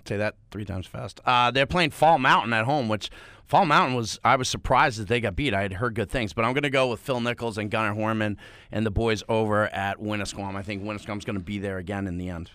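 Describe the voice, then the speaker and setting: A man co-hosting a sports podcast, animated and teasing as he makes his game picks. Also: on the low side, smooth, no echo. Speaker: podcast co-host. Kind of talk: casual sports podcast chat.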